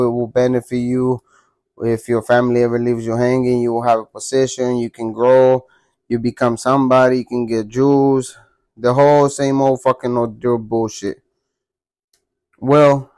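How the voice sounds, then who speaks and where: A man's voice: medium pitch, a little mellow, dry recording. A man telling a story in blunt, profane street slang, in a casual manner.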